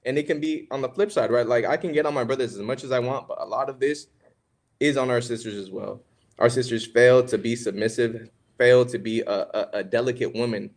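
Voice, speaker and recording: Young male podcast co-host, mid-pitched, casual preachy teaching tone. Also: a little fast. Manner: conversational, preachy, calls listeners "man" and "bro". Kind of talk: casual religious teaching talk.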